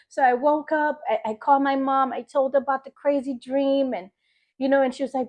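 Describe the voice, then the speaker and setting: A woman from Philadelphia with a fairly high voice shares a personal faith testimony. She tells it in a lively, storytelling way, repeating phrases for emphasis and acting out the conversations she had. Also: fairly quick. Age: adult mother. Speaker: faith vlogger.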